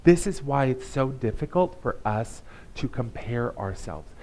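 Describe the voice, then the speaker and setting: A man's voice: mid-range voice, lively intonation, a little mellow, rough recording. Man preaching a casual sermon. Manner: conversational, emphatic preaching with pauses and restarts. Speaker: guest speaker. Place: church service.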